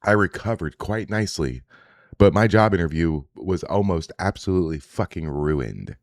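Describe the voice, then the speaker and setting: A man's voice: low-pitched, animated, normal speed, dry recording, studio quality. A man hosting a daily reaction livestream, ranting in a profane, combative, casual way. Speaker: host. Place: indoors, home setup.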